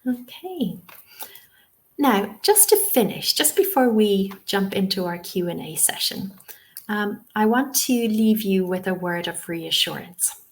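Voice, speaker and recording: A woman's voice: medium pitch, expressive, unhurried. A woman leading an online lesson as a teacher trainer, explaining patiently and often checking in with "okay?". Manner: reassuring, frequent "um" and "okay?" check-ins. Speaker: TEFL trainer. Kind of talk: webinar lesson.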